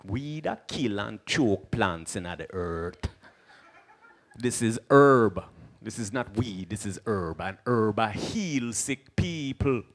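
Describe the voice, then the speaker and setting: Comic doing a slow calm Jamaican rasta preacher, low and measured. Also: male voice, full character voice. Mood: preachy.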